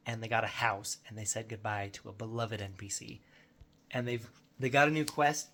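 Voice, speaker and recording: A middle-aged dungeon master recaps a tabletop game session he ran for his son, sounding chatty and self-deprecating. His voice is mid-range with a fairly bright tone.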